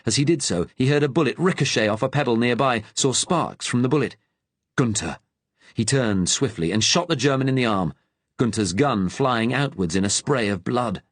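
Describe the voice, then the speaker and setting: A man narrating a wartime thriller audiobook in a steady, measured way. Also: mid-range voice, dry recording.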